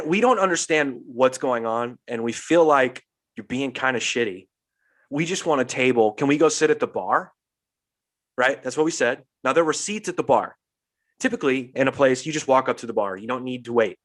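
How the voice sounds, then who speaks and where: A young man hosting a casual podcast tells a long story with a lot of life, acting out each voice and cursing freely. His voice sits at an ordinary pitch for a man. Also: moderate pace. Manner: animated storyteller, swears freely, acts out quotes. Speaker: podcast host.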